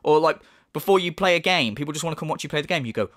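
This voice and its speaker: A man delivering a ranting commentary, exasperated and sarcastic, swearing freely. His voice sits high and swings widely in pitch. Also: lively intonation, rapid-fire, fairly bright tone. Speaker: commentary YouTuber.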